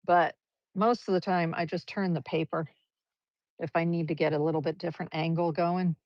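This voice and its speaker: A female art teacher, her fairly low voice steady in tone and moderate in pace, runs a live brush painting demonstration while chatting and cheering viewers on stroke by stroke. The livestream sound is dull and lo-fi, with no echo.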